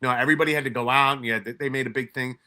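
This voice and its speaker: Raised in New York, a man tells stories casually in a bright, forceful, mid-range voice, racing along. He swears freely, stumbles through many restarts, and acts out his own lines and other people's in an animated retelling.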